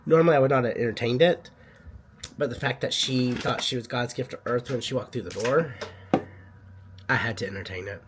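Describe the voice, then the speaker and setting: A man's voice: medium pitch, a little fast, pauses often, background noise. A man chatting casually in a vlog, a boutique owner telling stories in a sassy way, coughing now and then while under the weather.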